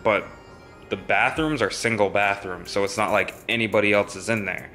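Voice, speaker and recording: A man's voice: fairly low pitch, steady tone, moderate pace, pushed and bright, soft background music. A young man vlogging, telling a story in a rambling, casual way with many fillers.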